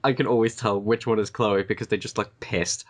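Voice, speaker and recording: A man's voice: lowish voice, a little fast. A man joking and teasing his friends in casual chat over an online call. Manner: joking, playful, deadpan teasing. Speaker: co-host.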